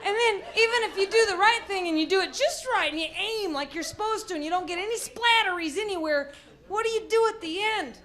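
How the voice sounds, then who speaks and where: High-voiced American woman doing stand-up. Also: a little fast, a bit bright, a little hiss or hum. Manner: storytelling, acting out bits in mocking voices. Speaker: stand-up comedian. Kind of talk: stand-up comedy set. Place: comedy club stage. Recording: live club recording, audience laughter.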